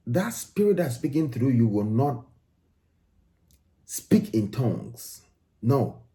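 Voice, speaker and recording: A man's voice: mid-range voice, mellow. A man from Ghana, giving emphatic commentary on video clips and repeating phrases for stress.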